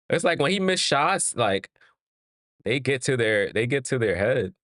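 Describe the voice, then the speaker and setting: A man hosts a live fan watch-along and calls the game play by play. He is excitable, talks straight at the players and his chat, and laughs often. His voice sits in a middle range and sounds dry and close to the mic. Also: mid-range voice, a little slow, dry recording. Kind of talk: casual live play-by-play commentary.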